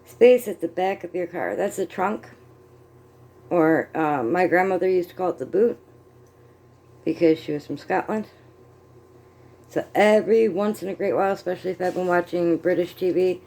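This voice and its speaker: A middle-aged American woman talking in a relaxed, rambling way, amused at herself as she goes. Her voice is warm and fairly low, and she sounds like she is chatting from home while crocheting and checking notes. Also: moderate pace, creaky, pauses often. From United States. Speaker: vlogger. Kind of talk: casual chat.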